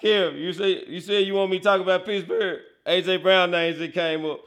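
Bright, excitable streamer man. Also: sits high, brisk. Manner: excitable, laughs often, bursts into loud outbursts, talks to chat; slangy, animated football banter. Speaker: livestream host. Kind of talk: casual livestream chat reacting to football highlights.

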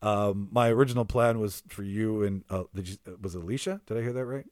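A man's voice: on the low side, a little fast, darkish tone, no room sound, studio quality. A man hosting a podcast in casual chat, rambling and laughing often, swearing now and then. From Canada. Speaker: podcast host.

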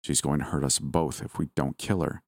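A man voicing a paranoid, exhausted young husband who speaks quietly and tensely in a storybook reading. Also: low voice, normal speed, creaky, no room sound, clean studio sound. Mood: paranoid menace.

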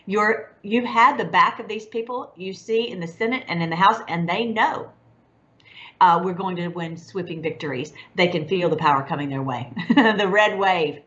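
Excited woman hosting a lo-fi online show. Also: on the low side, moderate pace. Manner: excited, rambling, laughs between phrases. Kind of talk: casual religious commentary. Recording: dull lo-fi sound.

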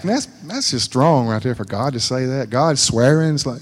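A man's voice: mid-range voice, lively intonation, moderate pace, few pauses. A man preaching an informal sermon in a folksy, conversational way, repeating phrases for emphasis. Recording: long hall reverb.

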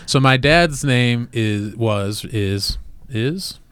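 A man telling stories as a comedian guest in casual podcast chat, laughing loudly and often. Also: mid-range voice, very slow, clean tone, dry recording. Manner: loud laughs, animated storytelling.

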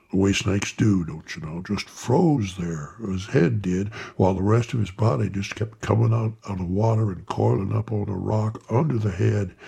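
A man telling a folksy tale in an unhurried way, talking straight to his listeners, with a gravelly, husky voice. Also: lowish voice, warm tone. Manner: unhurried, addressing listeners by name. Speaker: storyteller. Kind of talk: folksy spoken storytelling.

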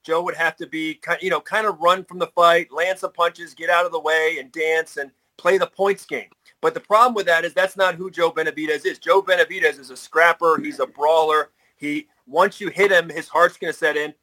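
A man's voice: fairly high pitch, fairly even intonation, brisk, sharp tone, poor audio. A middle-aged man co-hosting a podcast in casual chat, rambling and restarting his sentences. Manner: rambling, full of restarts and fillers. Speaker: podcast co-host.

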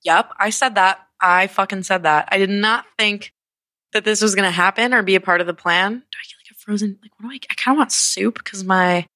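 A young woman hosts a casual podcast on a handheld microphone, rambling and distracted, swearing often, irritable and nursing a sore throat. Her medium-pitched voice sounds pushed and bright, and she talks fairly quickly. There's no room sound.

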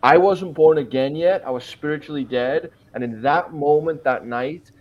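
A man's voice: fairly high pitch, normal speed, dull audio. A man in his forties, a pastor, telling his conversion story in an interview, earnest and emphatic. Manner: earnest and emphatic, quoting his own prayers. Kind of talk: personal testimony in a podcast interview.

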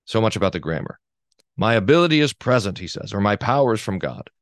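A man's voice: on the low side, fast, dry recording, clean studio sound. A man, a pastor, teaching a Bible class in a conversational way, reading quotations aloud and commenting with frequent restarts. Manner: lively, restarts often, reads quotations with emphasis.

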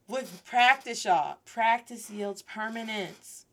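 A woman hosting a lively Spanish lesson, playfully acting out little scenes and drilling words for her class to repeat. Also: a little high, unhurried, hardly any pauses. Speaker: Spanish teacher and host. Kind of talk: energetic language lesson.

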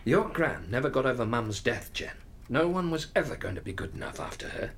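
An actor playing a gentle middle-aged father who coaxes his daughter affectionately. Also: medium pitch, very animated, brisk, vocal fry, a little hiss or hum. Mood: coaxing. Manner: coaxing, affectionate. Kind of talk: radio drama acting.

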